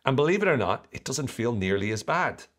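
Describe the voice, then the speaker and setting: A man hosting a motivational podcast, talking in a playful, animated way and acting out voices. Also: medium pitch, fairly quick. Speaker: podcast host.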